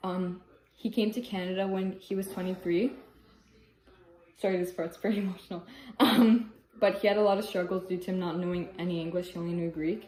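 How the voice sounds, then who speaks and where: A woman's voice: medium pitch, darkish tone, roomy sound, poor audio. A teenage girl giving a mock audition speech in a stop-start way, often breaking into giggles. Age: teens. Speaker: teen filming a prank on her parents.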